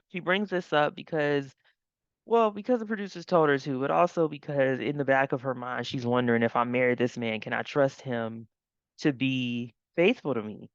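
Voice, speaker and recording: A woman's voice: deep voice, no room sound, muffled recording. A woman host recapping a reality TV episode in casual commentary, chatty and laughing often.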